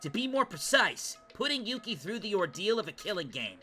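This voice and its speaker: A man reading the lines of a blunt, scheming young male student from a game, in a flat reading voice. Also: high voice, fairly quick, over music, voice pushed up. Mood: matter-of-fact.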